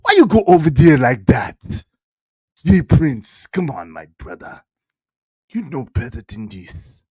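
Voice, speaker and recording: A man in riffs on a stream, teasing and animated. His voice swoops widely in pitch while he keeps an unhurried pace. The sound is close and dry. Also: husky, dry recording. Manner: animated, mocking, bursts into song and laughter. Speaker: commentary streamer. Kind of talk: casual reaction commentary.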